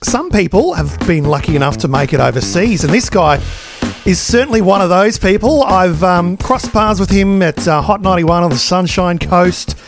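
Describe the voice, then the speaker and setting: A man's voice: sits high, lively intonation, moderate pace, music in the background. A man with an Australian accent hosting a podcast, chatting casually and eagerly with a guest he admires. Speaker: podcast host. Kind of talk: casual interview chat.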